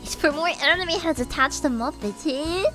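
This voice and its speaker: Excitable woman streamer, high voice, very lively. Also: normal speed, faint music behind. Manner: bubbly, animated, excitable. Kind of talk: casual game stream chat.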